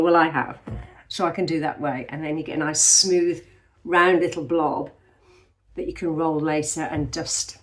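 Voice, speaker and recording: A woman's voice: on the low side, normal speed. A woman in her fifties from England with a light Midlands accent, rambling in a casual vlog and sounding a little nasal after a night of sneezing. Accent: English Midlands. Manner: chatty, rambling, self-deprecating. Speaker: vlogger. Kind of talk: casual chat.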